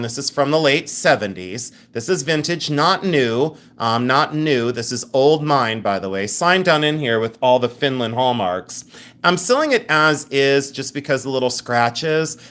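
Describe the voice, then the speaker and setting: Animated, giggly male live-sale host. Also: medium pitch. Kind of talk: live-stream sales chat.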